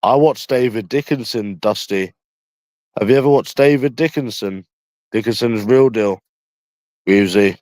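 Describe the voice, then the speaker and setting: A man's voice: lowish voice, moderate pace, pauses often, a little mellow, no room sound. Blunt, swearing young man on a livestream. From London. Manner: blunt, profane, rambling. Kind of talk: casual livestream chat.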